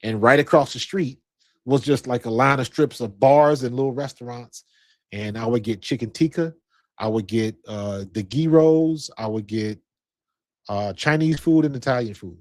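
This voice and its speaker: A man's voice: medium pitch, moderate pace, darkish tone, no echo. A man hosting a sports podcast, chatting casually and rambling through a story in a laid-back way. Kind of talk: casual chat.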